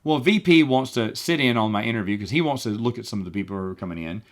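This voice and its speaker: Animated middle-aged man telling work stories. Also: on the low side, fast talker. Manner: animated, acts out quoted people in changed voices; wry, exasperated asides. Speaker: podcast host. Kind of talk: casual storytelling monologue.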